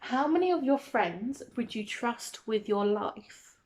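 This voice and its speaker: A woman's voice: on the high side, expressive, slow pace, a little mellow, a little hiss or hum. Hesitant young woman vlogger. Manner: hesitant, many ums and restarts, giggly. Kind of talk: casual talk to camera.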